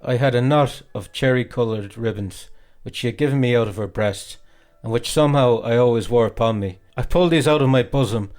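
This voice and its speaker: A man reading a classic novel aloud as an expressive, theatrical audiobook narrator. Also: medium pitch, fairly quick, faint music behind. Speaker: audiobook reader.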